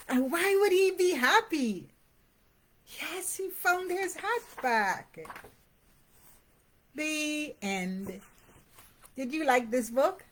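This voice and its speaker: A woman's voice: high voice, slight background noise. A woman reading a picture book aloud to young children, sing-songing the rhymes and stopping to ask the little listener questions. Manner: sing-song reading of rhymes and sound words; addresses parents directly with encouragement.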